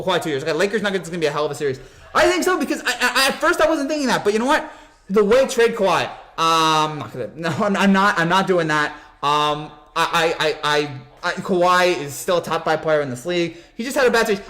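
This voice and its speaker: A young man hosting a postgame basketball reaction stream, talking in an excited, hyped-up way and reading out reactions. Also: high-pitched. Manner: excited, rapid, hyped-up sports talk. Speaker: sports commentary host.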